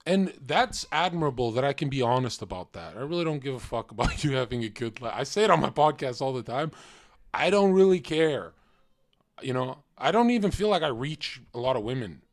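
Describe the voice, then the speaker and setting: A man's voice: medium pitch, animated, normal speed. A young man streaming, giving blunt, mocking reaction commentary and acting out the people he quotes.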